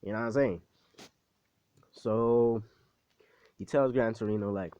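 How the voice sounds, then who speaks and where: A man's voice: fairly low pitch, a little slow, pauses often, mellow, dry recording. Young man rambling through a profane storytime. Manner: profane, rambling, self-deprecating slang. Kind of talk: casual storytime retelling. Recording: dull, dry close recording.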